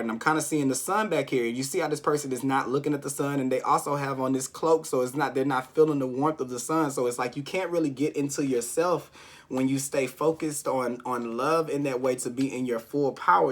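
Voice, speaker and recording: A man giving a casual tarot reading, rambling and encouraging, often checking in with "okay?". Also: medium pitch. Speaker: tarot reader.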